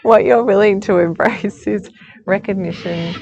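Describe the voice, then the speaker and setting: A woman's voice: mid-range voice, measured pace, background noise. A woman giving a chatty spiritual guidance talk outdoors, reassuring and laughing often. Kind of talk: casual spiritual forecast talk.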